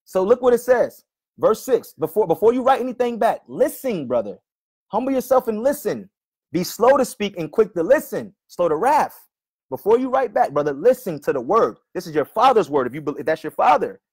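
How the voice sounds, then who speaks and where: A male preacher arguing with a commenter online, often calling him brother and reading scripture slowly and repeatedly. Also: high voice, sing-song, darkish tone, slightly rough. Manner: argumentative, keeps addressing "brother", reads verses slowly and repeats them.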